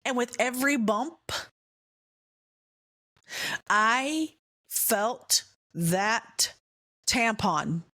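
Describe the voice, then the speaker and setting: A woman podcast host telling a candid, humorous personal story in an animated way. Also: a little high, very slow, long pauses, no echo, studio quality.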